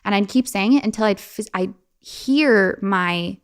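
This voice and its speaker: A young adult woman speaking as a guest on an interview podcast, casually telling personal stories in an animated way, with lots of fillers and laughs. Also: mid-range voice, a little slow, clean tone.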